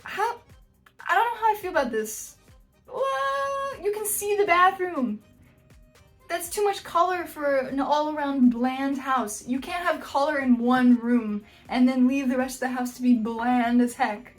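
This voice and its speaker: A woman with a high, light voice hosts a casual reaction video. She talks bluntly and jokingly, breaking into frequent surprised exclamations, with faint music in the background. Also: a little slow. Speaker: YouTube host reacting to house listings.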